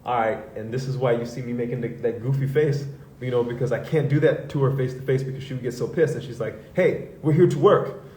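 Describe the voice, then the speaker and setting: A man hosts a live talk, speaking loosely and frankly, swearing now and then. His voice is mellow and darkish, heard from some distance in an echoey room. A faint hiss sits behind it. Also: medium pitch, steady tone, fast talker, few pauses. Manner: loose, conversational, swearing, acts out quoted voices. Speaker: host. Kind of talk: candid personal talk to a live audience.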